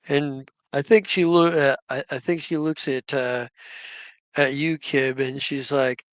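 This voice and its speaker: Slow, halting male game master. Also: mid-range voice, fairly even intonation, no echo. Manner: halting, many restarts while narrating. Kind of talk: narrating a tabletop game.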